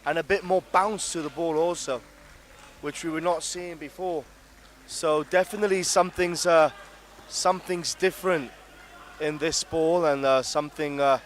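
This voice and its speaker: Male co-commentator with a slightly high voice, inquisitive and upbeat. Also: steady tone, moderate pace, slight background noise. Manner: questioning, enthusiastic co-commentary. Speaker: cricket commentator. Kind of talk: live sports commentary.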